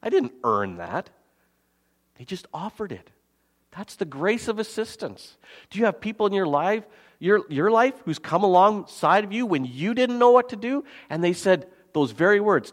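Male pastor preaching, lively pitch, slightly high voice, big echoing hall. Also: normal speed. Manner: expressive, swings from loud emphasis to quiet asides. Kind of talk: sermon. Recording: long hall reverb.

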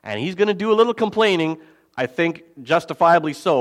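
Male pastor preaching, lively pitch, slightly high voice, big echoing hall. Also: normal speed. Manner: expressive, swings from loud emphasis to quiet asides. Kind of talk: sermon. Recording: long hall reverb.

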